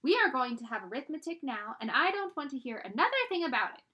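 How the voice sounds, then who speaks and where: A woman's voice: high voice, big pitch swings, fast talker, sharp tone, voice pushed up, full character voice. Woman doing a strict, stern schoolteacher. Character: strict female schoolteacher with a yardstick.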